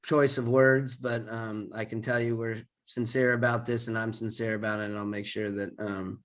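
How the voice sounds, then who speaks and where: A man's voice: lowish voice, flat delivery, normal speed. A man guest at a meeting, earnest and sincere as he apologizes and takes his leave. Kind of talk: formal thanks and apology.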